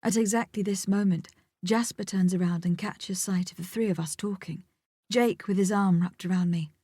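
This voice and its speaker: A woman reading a first-person audiobook in a measured, intimate tone, sometimes sinking to a near whisper. Her voice sits at an ordinary middle pitch. The studio recording is close and completely dry. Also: fairly even intonation, mellow, dry recording. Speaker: audiobook narrator.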